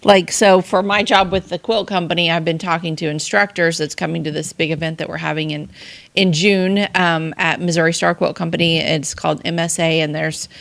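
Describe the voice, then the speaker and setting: A woman's voice: fairly low pitch, fairly even intonation, brisk, gravelly, fairly bright tone. A woman from southern Illinois with an accent of that region, co-hosting a podcast and telling rambling stories full of restarts. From southern Illinois, USA. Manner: rambling storyteller with many restarts. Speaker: podcast co-host. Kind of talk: casual chat.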